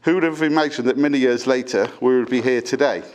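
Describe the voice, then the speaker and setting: A middle-aged man, father of the bride, reading his wedding speech from notes with fond, gently humorous delivery and small stumbles. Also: medium pitch, fast talker. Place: wedding reception.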